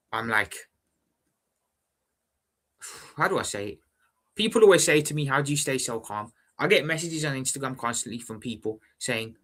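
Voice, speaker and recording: Calm and measured, a young man runs a football fan live stream in a bright, forward, mid-range voice. He tends to repeat himself and talks casually with his audience, whom he calls brother.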